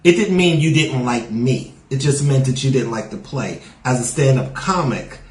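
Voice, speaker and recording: An animated stand-up comic with a mid-range voice and moderate pace speaks as a guest in a casual podcast interview, filling his talk with "you know." His accent is New York with a Southern lilt, and the poor audio has an echoey room sound.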